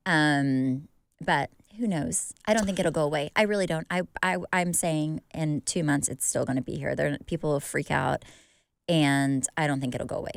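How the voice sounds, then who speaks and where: Smooth-voiced chatty woman podcaster. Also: sits low, moderate pace, dry recording, studio quality. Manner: chatty, rambling with restarts. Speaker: podcast co-host. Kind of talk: casual chat.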